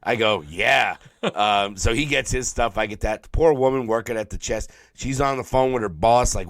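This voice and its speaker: New man, podcast co-host, low-ish voice, tired throat, profane, animated storytelling, dry close mic. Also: a little slow, no echo. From New York. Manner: profane, animated storyteller who mimics people. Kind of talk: casual storytelling chat.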